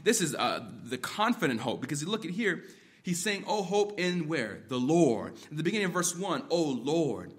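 A man preaching an expository sermon, moving between quiet reflection and emphatic exhortation. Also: on the high side, very animated, normal speed. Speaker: pastor.

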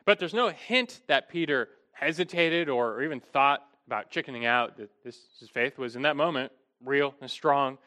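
A man's voice: mid-range voice, moderate pace, pushed and bright. A middle-aged man preaching an expository sermon, earnest and emphatic, often restarting his phrases.

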